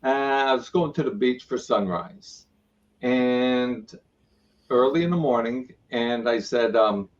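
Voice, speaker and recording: A man's voice: mid-range voice, slow, distant mic, muffled recording. A man, a spiritual teacher and guest, telling his story animatedly and acting out what people said to him. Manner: retells events with repeated "I go" and acted-out quotes.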